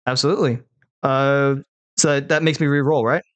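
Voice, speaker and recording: A man's voice: medium pitch, steady tone, a little fast, no echo. A man running a tabletop game as game master, narrating methodically and counting dice rolls aloud.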